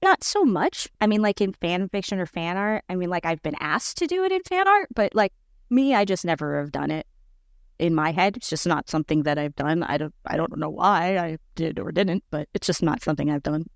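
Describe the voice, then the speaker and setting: A young adult woman chatting as a podcast guest in a casual interview, animated and full of "like"s. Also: lowish voice, fairly quick, gravelly, dry recording, clean studio sound.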